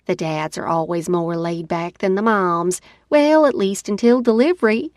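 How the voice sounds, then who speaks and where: A woman voicing a friendly woman ultrasound technician with a warm, reassuring manner. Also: medium pitch, normal speed, no echo, studio quality, natural voice.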